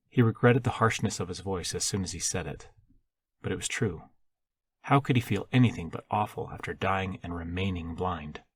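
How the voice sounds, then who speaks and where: Male author-narrator, low and husky, steady audiobook read. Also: normal speed. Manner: steady storytelling, voicing the characters in dialogue. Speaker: author reading his book.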